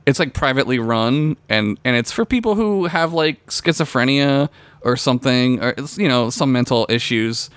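A man's voice: mid-range voice, normal speed, clear, resonant tone, dry recording. A young man co-hosting a podcast, telling a story in casual, profane chat and laughing often. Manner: animated storytelling, swears often, laughs a lot. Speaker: podcast co-host.

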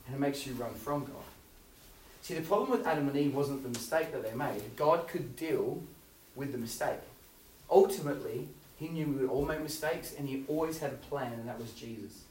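A man preaching a youth sermon, telling stories with swings from loud to hushed. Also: medium pitch, moderate pace, slight background noise. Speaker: youth pastor. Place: youth hall. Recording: roomy hall, voice from far off.

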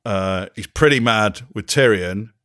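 A man's voice: fairly low pitch, unhurried, a bit bright. Exasperated sarcastic man. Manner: exasperated, mocking, acts out characters' lines. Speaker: podcast co-host. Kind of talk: casual chat, sarcastic recap.

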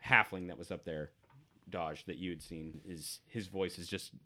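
A man's voice: low voice, sharp tone. A man narrating as game master of a tabletop game, in a casual, descriptive way.

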